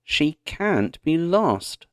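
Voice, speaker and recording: A man reading the part of a frantic pioneer father who shouts for his lost daughter. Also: mid-range voice, very animated, slow pace, creaky, no echo, studio quality, pitched above the performer's own voice, exaggerated voice. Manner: insistent, shouting.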